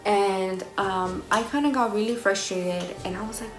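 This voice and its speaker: A young woman, casually telling a personal story to camera in an animated, slangy way. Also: medium pitch, moderate pace, echoey room, over music, low-quality recording. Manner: animated, swears freely, slangy. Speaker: vlogger.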